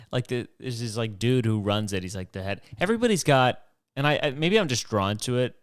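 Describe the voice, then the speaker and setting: A man hosting his own podcast, rambling through past episodes in a joking, animated way and swearing freely. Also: mid-range voice, brisk, smooth. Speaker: podcast host. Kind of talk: rambling solo podcast monologue.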